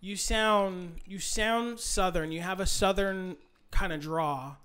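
Male podcast host, high light voice, relaxed and joking, swears casually. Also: slow. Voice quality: light, higher voice. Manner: joking, laid-back, swears freely.

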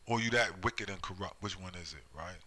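Male preacher, fiery and repetitive, very bright edgy tone. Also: low-pitched, fairly quick, low-quality recording. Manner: heated, repetitive, rhetorical "right?" tags. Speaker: online preacher. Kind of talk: street-style scripture commentary.

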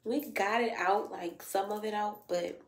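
A woman's voice: medium pitch, fairly even intonation, a little slow, over loud music. A young woman of about nineteen, chatting casually and upbeat to camera in a vlog, loose with fillers. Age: young adult, about 19. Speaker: vlogger. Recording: noisy phone recording.

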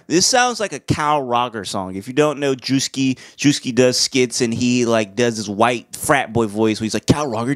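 A man's voice: medium pitch, a bit bright. A young man giving a casual, slangy album review, laid-back and now and then humming along. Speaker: music reviewer.

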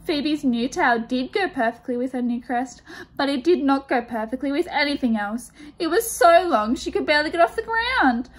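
Expressive woman reading to children. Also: sits high, normal speed. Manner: expressive, asks children questions. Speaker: student teacher. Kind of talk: reading a picture book aloud to children.

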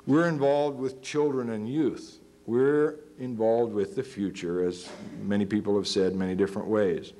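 A man's voice: lowish voice, normal speed, hardly any pauses. A man of about fifty giving a lecture in a university auditorium, telling stories animatedly and acting out the voices in them. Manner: animated, acts out quoted voices. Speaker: guest lecturer. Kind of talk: storytelling lecture.

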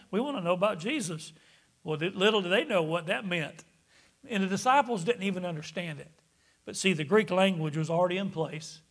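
A male pastor preaching a sermon, reading scripture aloud, putting questions to the congregation and chuckling now and then. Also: high voice. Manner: animated, reads scripture aloud.

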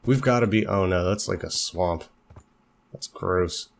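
A young man with a fairly low voice talks through a video game at his computer, chatty and joking, coaxing his horse along and startling easily. He is feeling a little unwell. Faint keyboard clicks can be heard behind him. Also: a little slow, gravelly, slight background noise. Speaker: let's play host. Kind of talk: casual gaming commentary.

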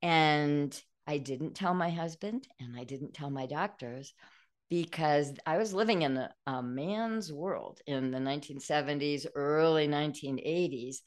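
Low-voiced older woman telling her story. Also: a little slow. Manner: earnest, emotional storytelling. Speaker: guest author. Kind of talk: podcast interview.

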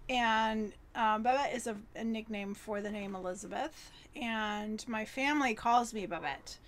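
A woman's voice: fairly high pitch, measured pace, a little hiss or hum. A woman co-hosting a casual chat over wine, telling a story in a chatty way with many "like"s and easy giggles. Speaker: podcast co-host.

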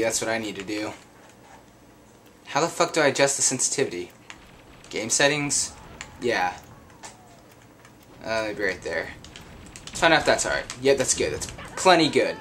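A man's voice: medium pitch, very animated, moderate pace, pauses often, sharp tone, slight background noise. A young man giving casual let's play commentary, confused, swearing a lot, laughing and yelping whenever he gets hit. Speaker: gameplay commentator.

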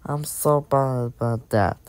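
A woman voicing a young girl in a fan-made cartoon who apologizes to her family in halting, repetitive phrases full of fillers. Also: very deep voice, darkish tone, no room sound. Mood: sheepish.

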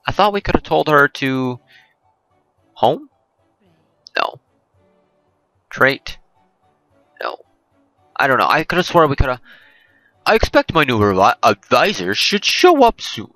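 A man's voice: mid-range voice, wildly swooping pitch, a little slow, long pauses, pushed and bright, no room sound, soft background music, rough recording. A man hosting a let's play, giving rambling, jokey gameplay commentary and often correcting himself.

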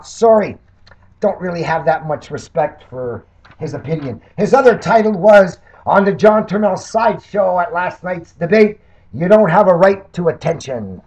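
An older Canadian man, a political candidate and commentator, reads out criticism and rebuts it in a mocking, combative sarcastic monologue. His high, husky voice swings between loud jabs and low mutters.

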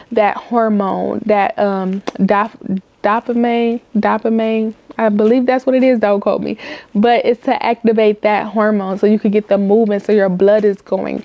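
Gravelly, frank young woman host. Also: medium pitch, mellow, dry recording. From Cleveland, US. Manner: frank, repetitive, talks to viewers as y'all. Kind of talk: casual candid monologue.

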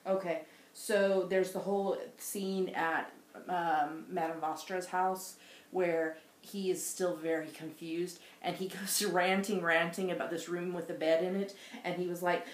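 A woman's voice: lowish voice, fairly even intonation, a little slow. Giggly woman chatting in echoey room. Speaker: podcast co-host, mother. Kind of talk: casual chat. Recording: roomy echo.

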